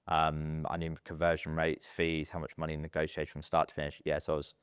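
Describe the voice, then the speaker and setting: A man in his thirties, telling stories in a casual podcast interview, chatty and animated with plenty of fillers. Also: extremely low pitch, fairly quick, clear, resonant tone, no echo, studio quality. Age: 30s. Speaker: podcast guest, estate agency businessman.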